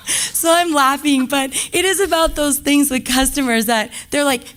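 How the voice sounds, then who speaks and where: A woman's voice: on the high side, normal speed. Chatty woman telling stories. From Montana. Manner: chatty, animated storytelling with quoted voices. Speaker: diner owner on a panel. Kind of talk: panel talk to a live audience.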